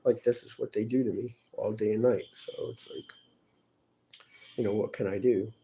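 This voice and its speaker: A man talking in a rambling, aggrieved personal monologue, weary and often trailing off quietly. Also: fairly low pitch, fairly even intonation, moderate pace, over loud music. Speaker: vlogger.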